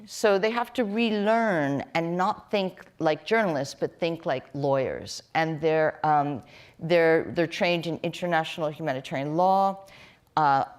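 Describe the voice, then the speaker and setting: A low-pitched middle-aged woman talking on a live panel. She speaks in an earnest, measured way, pausing on fillers and restarting phrases as she works through her point. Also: clear, resonant tone. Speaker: panel guest, human rights director.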